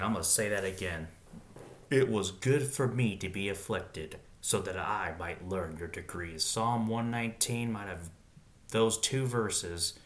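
A man's voice: lowish voice, fairly bright tone. A man reading Bible verses aloud in a casual way, breaking off now and then with slangy comments of his own.

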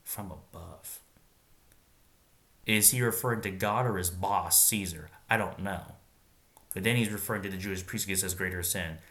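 A man's voice: low voice, a bit bright. A man reading Bible passages aloud and stopping to muse informally on what they mean. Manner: reads scripture aloud, then pauses to muse and wonder aloud. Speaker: Bible reader and commentator.

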